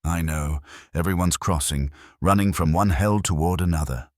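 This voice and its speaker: A man's voice: low voice, moderate pace, no echo, clean studio sound, lightly acted. A man voicing a gaunt young woman refugee who speaks in a bitter, sardonic way. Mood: wry.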